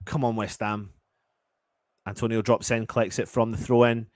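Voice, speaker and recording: A man giving partisan live football commentary as a fan, swearing and swinging from low muttering to loud shouts. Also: fairly even intonation, normal speed, no room sound.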